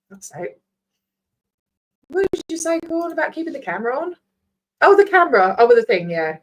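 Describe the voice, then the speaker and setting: A woman's voice: on the high side, a bit bright. A woman, rambling casually as she signs off her livestream, swearing freely. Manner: chatty, scattered, swears freely. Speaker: vlogger host.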